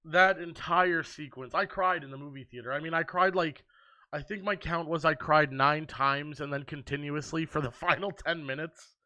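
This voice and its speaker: A heartfelt man in his twenties talks through his favorite films in a relaxed vlog, often pausing on an um. His voice sits a little high and rings bright and forward. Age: 20s. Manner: earnest and heartfelt, with frequent ums. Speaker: movie review vlogger. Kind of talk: casual ranking chat.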